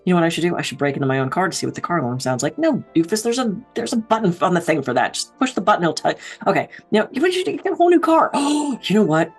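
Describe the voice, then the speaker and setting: A woman's voice: on the low side, very animated, fast, few pauses, husky, soft background music. A middle-aged woman giving a motivational talk on stress and meditation, acting out her own inner voice as she tells stories. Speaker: stress management speaker.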